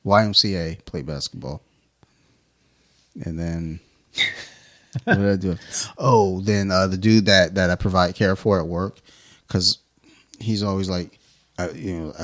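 A man's voice: low-pitched, normal speed, long pauses, fairly bright tone. A man co-hosting a beer podcast, telling stories in casual profane chat and acting out quoted lines. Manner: profane, storytelling with mimicked quotes. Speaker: podcast co-host. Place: home studio.

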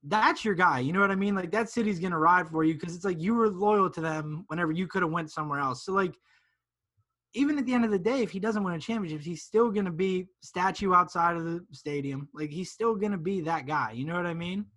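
Man, high voice, bright tone, emphatic, casual podcast co-host. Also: brisk. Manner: ranting, emphatic. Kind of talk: casual sports podcast chat.

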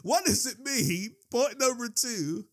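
A pastor delivers a sermon slowly in a high voice, shifting between quiet scripture reading and excited yelling. Once he gets worked up, he stumbles and repeats words.

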